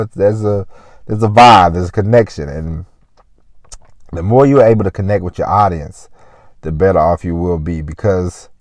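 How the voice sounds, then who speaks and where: A man's voice: low voice, a little mellow, no echo, studio quality. A man hosting a podcast, rambling in a casual motivational monologue and saying "you know" again and again. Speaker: podcast host.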